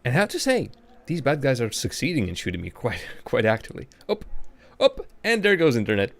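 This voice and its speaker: A man streaming a game, chatty and excitable, laughing and reacting to the action. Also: medium pitch, a little fast, vocal fry. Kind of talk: casual gameplay commentary. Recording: game music behind the voice.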